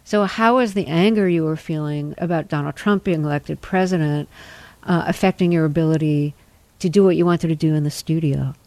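A woman host asking her guest direct, measured questions in an interview. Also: low-pitched, a little mellow, dry recording.

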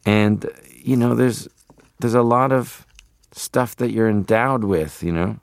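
A man's voice: on the low side, takes it slowly, vocal fry, no room sound, studio quality. A man from Canada, a film guest, telling reflective stories in an interview and slipping into impressions. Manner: reflective, animated, slips into impressions. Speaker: guest, filmmaker.

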